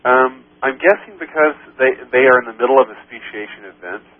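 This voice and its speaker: Fast, husky caller on a phone line. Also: male voice, medium pitch. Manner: questioning, argumentative, halting restarts. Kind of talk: call-in radio debate.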